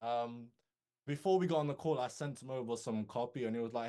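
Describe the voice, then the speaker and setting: Young male guest, mid-pitched, casual animated storyteller, throws in "bro" and "yo". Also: fairly quick, smooth. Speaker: guest copywriter.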